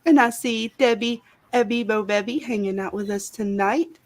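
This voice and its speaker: A woman's voice: fairly high pitch, normal speed. A woman with a Southern US accent co-hosting a casual livestream, chatty and greeting viewers by name. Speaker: livestream co-host.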